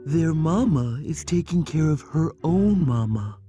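A woman playing a gentle, motherly neighbor who comforts a child. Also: deep voice, lively intonation, faint music behind. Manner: soothing, slow. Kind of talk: audio drama acting.

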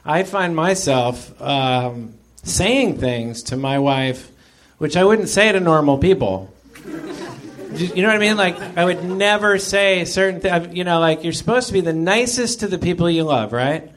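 A married man hosting a casual discussion, halting and repeating words as he thinks aloud. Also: a little high, a bit bright, slight background noise.

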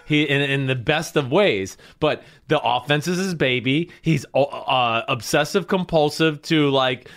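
Animated, swearing ex-quarterback analyst, higher voice. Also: male voice. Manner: animated, profane, quick storytelling. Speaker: former quarterback turned podcast analyst. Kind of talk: casual sports podcast chat.

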